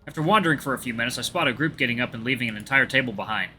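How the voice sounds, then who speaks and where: A man's voice: mid-range voice, racing, bright, forceful tone, soft background music. A man reading a visual novel aloud as a let's play host, with chatty asides to viewers.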